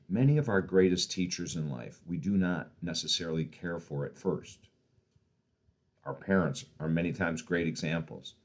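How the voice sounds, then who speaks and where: Lively low-voiced older man telling stories. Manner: animated storyteller, swinging from loud excitement to quiet asides. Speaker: podcast host and author. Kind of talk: motivational podcast monologue.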